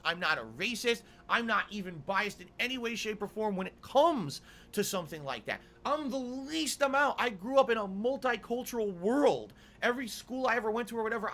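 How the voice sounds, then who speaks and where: Angry ranting man, high bright voice. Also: animated, fairly quick, hardly any pauses. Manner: indignant, swearing, repeating demands. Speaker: streamer. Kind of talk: angry rant to camera.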